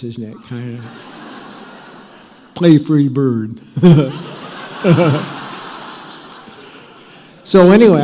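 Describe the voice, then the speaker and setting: A man's voice: a little high, darkish tone. Man telling stories in a reverberant hall. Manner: rambling anecdotal, self-deprecating humor, frequent restarts. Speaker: author speaking to an audience. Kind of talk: live storytelling talk. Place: large hall with audience.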